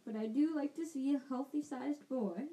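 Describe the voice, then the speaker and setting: A woman's voice: high voice, dark tone, voice pushed up, poor audio. Woman putting on a blustering, boozy older aunt. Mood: scornful. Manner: blustering, scornful, slow.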